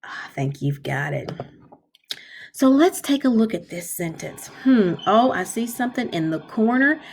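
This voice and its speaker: A woman teaching kindergarten, talking slowly and clearly in a sing-song voice and stretching out the hard words. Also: a little high, big pitch swings, darkish tone, slight background noise. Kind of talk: slow, clear classroom instruction for young children.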